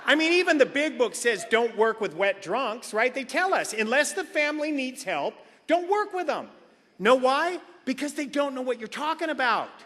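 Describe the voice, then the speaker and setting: A middle-aged man speaks to a meeting hall in a high, bright voice that swoops lively up and down. He tells a funny personal story and slips into other people's voices. The sound carries a long hall reverb. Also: moderate pace. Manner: animated, acts out other people's lines. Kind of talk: comedic personal storytelling talk.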